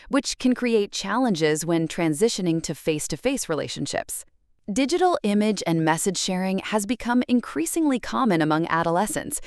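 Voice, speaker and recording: A woman delivers scripted educational narration at an ordinary mid pitch for her sex. She paces through each point in a measured, even reading. The sound is dry and close, with no room around it. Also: no room sound. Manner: measured, steady reading of lists.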